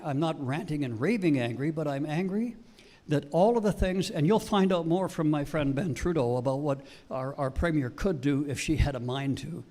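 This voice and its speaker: Man, fairly high voice, political speech, emphatic, impassioned, town hall speaker. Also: darkish tone. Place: public meeting hall.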